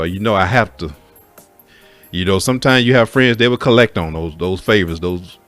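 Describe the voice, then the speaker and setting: A man with a very low voice recounts a personal story in a loose, candid way. He swears freely and addresses his listeners directly as folks. Faint music plays underneath. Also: a bit bright. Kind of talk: casual spoken story.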